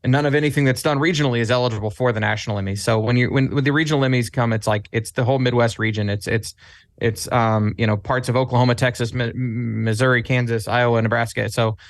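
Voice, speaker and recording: A man's voice: medium pitch, steady tone, fast talker, no echo, clean studio sound. A man talking as a guest on a podcast in casual chat, animatedly telling stories and acting out his own quotes. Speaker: podcast guest, club staffer.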